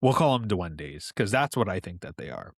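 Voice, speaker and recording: A man in his thirties from New York, a podcast guest telling personal stories in a relaxed, conversational way with asides. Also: on the low side, normal speed, slightly rough, no room sound, clean studio sound. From New York, USA. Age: 30s. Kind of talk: casual storytelling.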